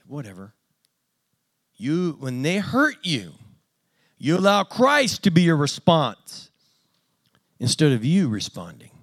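A man preaching a conversational sermon in a plain-spoken, self-deprecating way with dry humor. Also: medium pitch.

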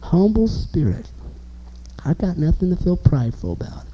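A man preaching an informal sermon, animated and emphatic, asking the listeners questions. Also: sits high, moderate pace, rough recording.

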